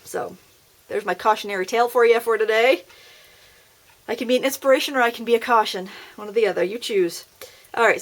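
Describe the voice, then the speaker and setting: A woman's voice: a little high, vocal fry. A woman hosting a casual craft tutorial at her craft table, chatty, upbeat and self-deprecating. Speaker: craft video host.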